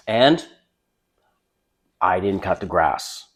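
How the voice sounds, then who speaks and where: A man's voice: low voice, animated, takes it slowly. An older man giving blunt, opinionated dating advice in a casual monologue to camera.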